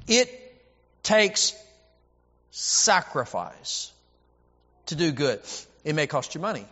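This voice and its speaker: A man's voice: high-pitched, big pitch swings, slow, long pauses, bright, forceful tone. A man preaching a sermon, emphatic and repetitive, often stammering as he restarts a phrase. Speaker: preacher and Bible teacher. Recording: dull audio with long hall reverb.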